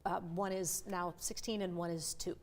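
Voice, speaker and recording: A middle-aged woman who coaches speakers, explaining her ideas in an animated, conversational interview with playful asides. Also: on the low side. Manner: animated, with quick vivid asides and playful voices. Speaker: voice and communication coach.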